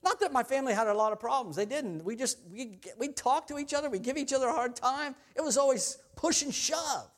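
Man, middle-aged, pastor, sermon, high voice, chatty, self-deprecating, laughs often. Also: fairly quick, hardly any pauses.

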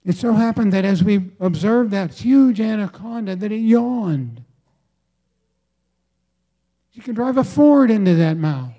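A man preaching a sermon from the United States, slow and deliberate, with emphatic pauses and repetition. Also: high-pitched, expressive, mellow. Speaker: pastor.

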